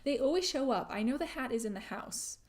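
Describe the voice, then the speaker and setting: A young woman hosting a crafting livestream, chatting casually while reading viewer comments, laughing often and trailing into soft asides. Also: high-pitched, animated, fairly quick. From grew up speaking German at home in the US. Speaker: crafting channel host.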